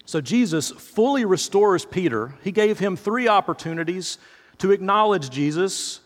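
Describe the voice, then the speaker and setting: A man's voice: high voice, lively intonation, moderate pace. A male pastor preaching a sermon in a conversational, storytelling way, speaking straight to his listeners. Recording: reverberant hall.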